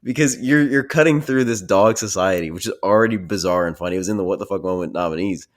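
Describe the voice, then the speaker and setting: A man's voice: sits low, fast talker. A young man co-hosting a casual movie podcast, dry and laughing at his own picks. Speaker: podcast co-host.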